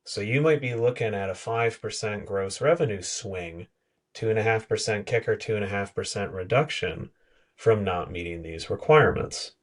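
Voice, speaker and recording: A man's voice: on the low side, normal speed. A man appearing as a podcast guest, explaining with detailed examples and blunt asides. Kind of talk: conversational podcast discussion.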